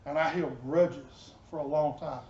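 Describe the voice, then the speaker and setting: A man giving a personal testimony as a pastor, telling his story earnestly and dropping soft and low in tender moments. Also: steady tone, measured pace, slight background noise. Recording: echoey, dull room sound.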